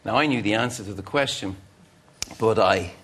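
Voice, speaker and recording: A man's voice: lowish voice, moderate pace, a bit bright, slight background noise. A middle-aged man from Ireland, a guest musician on a chat show, telling a long rambling anecdote and breaking off to act out what people said. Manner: rambling, self-interrupting storyteller acting out quotes.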